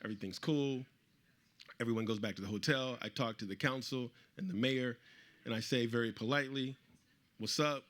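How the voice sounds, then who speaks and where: A middle-aged man speaking at a live event, telling a personal story to the audience with animated delivery and acting out the voices of the people he quotes. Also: medium pitch, fairly quick. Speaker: author speaking at a book event.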